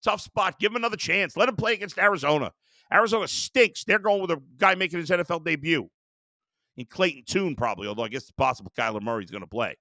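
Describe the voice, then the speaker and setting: A man's voice: a little high, lively intonation, quick pace, bright, forceful tone, dry recording, studio quality. A man hosting a sports show, ranting in a heated, exasperated way about his team. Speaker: sports talk host. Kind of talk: sports rant.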